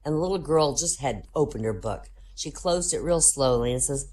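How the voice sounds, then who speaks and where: A woman's voice: extremely low pitch, normal speed. A woman hosting a comedy show, telling jokes and giving the characters their own voices. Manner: lively joke-telling, voices characters in quotes.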